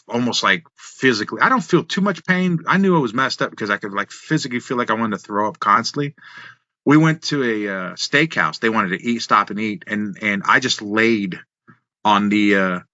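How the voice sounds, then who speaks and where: A man, a former wrestler, telling road stories in an animated way on a podcast, full of restarts and quoted dialogue. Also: on the low side, no room sound, muffled recording. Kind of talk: casual storytelling in a podcast interview.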